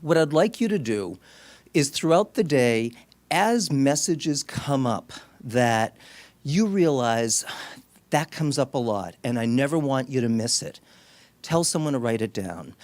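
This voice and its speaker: A man's voice: medium pitch, expressive, measured pace, a little mellow, dry recording. A middle-aged man, a speech-language clinician, gives an educational talk to an audience in an auditorium and tells stories in a conversational way with frequent restarts. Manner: storytelling, conversational, with many restarts. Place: medical center auditorium.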